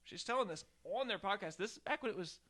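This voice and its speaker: A man's voice: high voice, expressive, fast, bright, forceful tone. A man hosting a podcast from a home garage studio, talking in a loose, rambling way and swearing casually. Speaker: podcast host. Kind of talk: casual chat.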